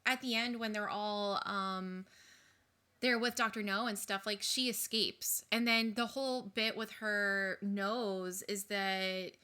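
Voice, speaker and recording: Woman co-host, mid-pitched, bright tone, thinks out loud. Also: steady tone, slow, clean tone. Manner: rambling, reasons things out aloud. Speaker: podcast co-host. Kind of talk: casual book-and-film chat.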